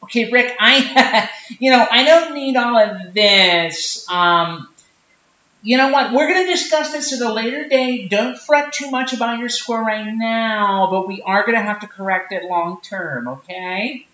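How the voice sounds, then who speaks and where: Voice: mid-range voice, measured pace, sharp tone. A performer playing a smug, preachy podcast producer from Portland, in a roomy, dull lo-fi recording. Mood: patronizing. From Portland, Oregon. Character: condescending big-city podcast producer from Portland.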